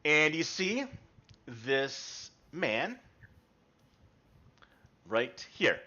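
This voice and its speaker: Male game master, bright and forceful, lo-fi webcam sound. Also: on the high side, big pitch swings, drawn-out words. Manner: loose, chatty with fillers. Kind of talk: narrating a tabletop game. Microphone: webcam mic.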